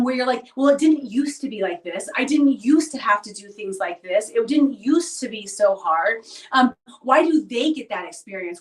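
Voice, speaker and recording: A vlogger in her thirties gives a reflective personal monologue, earnest and confiding, often asking "right?" Her voice is on the higher side. She was recorded from a distance in an echoey room, so the sound is roomy.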